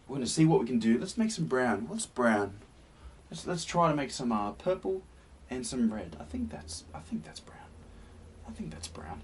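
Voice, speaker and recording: Gentle soft-spoken man teaching painting. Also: mid-range voice. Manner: gentle and encouraging, often sinks to a soft near-whisper. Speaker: painting tutorial host. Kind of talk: painting demonstration. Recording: slightly distant mic with faint hiss.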